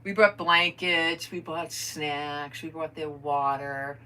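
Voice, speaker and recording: A woman's voice: low voice, fairly even intonation, slow, bright, forceful tone. An older woman chatting casually to viewers while she crafts at home, rambling through stories and talking to them as friends. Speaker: crafter vlogger.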